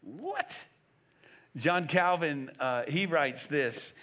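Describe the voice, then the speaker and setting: A man preaching a sermon as pastor, emphatic and animated, firing off rhetorical questions. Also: sits high, measured pace.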